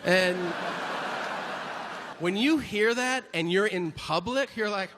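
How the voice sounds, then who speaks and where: A man doing a stand-up comedy routine, telling stories with loud voiced asides before a live audience. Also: high voice, slow pace. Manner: animated storytelling with shouted voiced asides. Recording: reverberant hall, audience noise.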